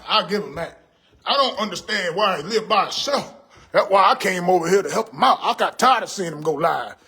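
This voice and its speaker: Man as gray-haired uncle, fifties, old-school and sassy; husky, high-set voice; phone-on-ring-light livestream. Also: sharp tone, full character voice. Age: 50s. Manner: sassy, scolding, laughing at viewers' comments. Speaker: livestream host reading comments. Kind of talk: comedic character livestream. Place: room in a house.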